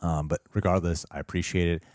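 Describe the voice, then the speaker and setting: Low-voiced male co-host, dry close mic, deadpan comic rambler. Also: a little fast, no echo. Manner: deadpan joking, rambling tall tales. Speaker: co-host of a reaction review show. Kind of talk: casual chat.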